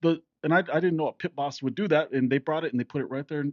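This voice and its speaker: A man's voice: on the high side, quick pace, no echo, lo-fi sound. A middle-aged man co-hosting a podcast, chatting casually and chuckling often as he adds to the story. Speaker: podcast co-host. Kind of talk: casual chat.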